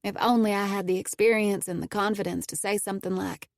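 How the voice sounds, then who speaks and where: A woman narrating a first-person audiobook in a steady, intimate storytelling manner. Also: mid-range voice, normal speed, creaky, no room sound, studio quality.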